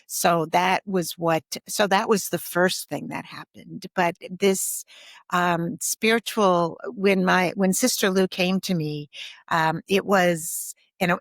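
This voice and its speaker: Soft-spoken low-voiced woman guest. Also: dry recording, studio quality. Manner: soft-spoken, thoughtful, with frequent pauses and ums. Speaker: guest, grief and ancestral healer. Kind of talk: reflective podcast conversation.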